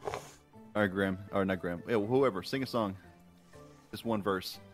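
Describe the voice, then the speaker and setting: A man's voice: on the low side, moderate pace, soft background music. A man chatting as a live-stream guest in a laid-back, joking way. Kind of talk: casual group chat on a live stream.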